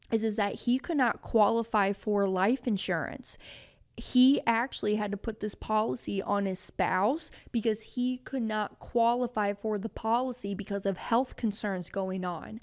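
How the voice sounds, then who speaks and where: A woman's voice: medium pitch, a little slow. A woman speaks as an insurance advisor in a loose, conversational way. She is emphatic and drives home her points. She addresses her listeners directly as y'all. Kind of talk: casual talk to camera.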